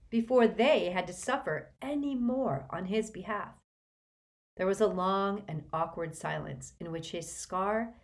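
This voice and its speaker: A woman narrating a storybook in an expressive reading style. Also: medium pitch. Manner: expressive, shifts voices for characters. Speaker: audiobook narrator.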